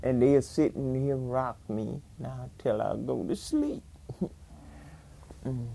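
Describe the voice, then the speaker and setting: A woman's voice: very deep voice, slow, creaky, warm tone, slightly rough. An older woman, reminiscing in an oral history interview, rambling and chuckling as she tells stories. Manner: rambling storytelling, frequent chuckles.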